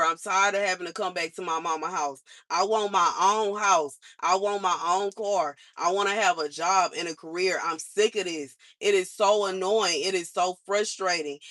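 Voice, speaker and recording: A woman's voice: medium pitch, pushed and bright. A young woman venting her frustrations on a livestream in casual, slangy speech, complaining over and over.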